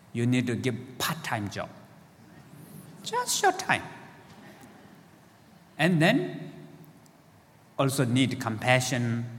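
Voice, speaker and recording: A man's voice: medium pitch, in a large hall. A man teaching meditation to a live audience in simple, playful phrases, checking in with questions.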